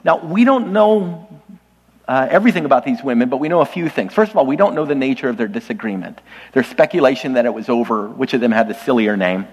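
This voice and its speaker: A man's voice: medium pitch, animated, quick pace, breathy edge, in a large hall. A man preaching a sermon to his congregation, conversational and lightly humorous, often speaking straight to the listeners. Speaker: pastor. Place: church sanctuary.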